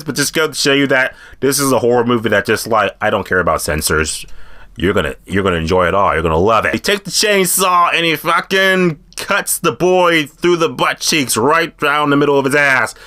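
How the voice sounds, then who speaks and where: A man excitedly retelling horror movie kills in a casual discussion, graphic and profane. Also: fairly high pitch, moderate pace.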